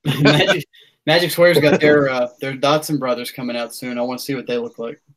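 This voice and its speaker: A man's voice: mid-range voice, steady tone, a little fast, over a noisy crowd. A man hosting a casual podcast, rambling with many fillers and restarts. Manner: rambling, filler-heavy, self-deprecating. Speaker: podcast host. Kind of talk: casual podcast sign-off chat.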